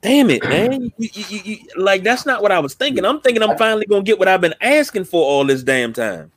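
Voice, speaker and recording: A man co-hosting a casual wrestling chat, animated and slangy, often stammering as he pitches ideas. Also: a little fast, a crowd in the background. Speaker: podcast co-host.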